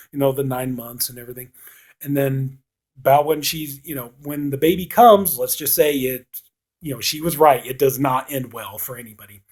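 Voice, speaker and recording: Guy rambling thru a horror movie plot, kinda husky, says you know a lot. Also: medium pitch, darkish tone. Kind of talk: casual spoken movie review.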